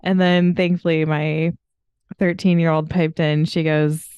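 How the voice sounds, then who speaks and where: A woman's voice: deep voice, flat delivery, measured pace, a little mellow, clear, resonant tone, no echo, clean studio sound. A woman in her thirties hosting a podcast, telling stories in a casual, chatty way and laughing often. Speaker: podcast host. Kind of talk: casual chat.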